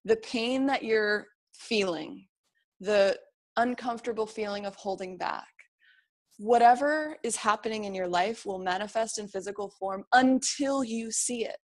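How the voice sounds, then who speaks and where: A woman's voice: medium pitch, unhurried. Woman, interview guest, earnest, encouraging, reflective. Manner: earnest, encouraging, quotes inner voices.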